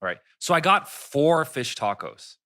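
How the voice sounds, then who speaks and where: A man hosting a casual podcast, spinning a rambling story. His voice is bright and swings widely in pitch. He swears freely and keeps restarting his sentences. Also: very animated, measured pace. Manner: rambling, profane, full of restarts. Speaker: podcast host.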